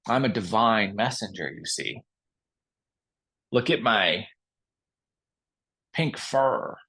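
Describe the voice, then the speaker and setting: A man voicing a grand, smug male coyote who claims to be a divine messenger, speaking slowly and softly in a lordly way. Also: lowish voice, animated, slightly rough, full character voice. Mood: grandiose.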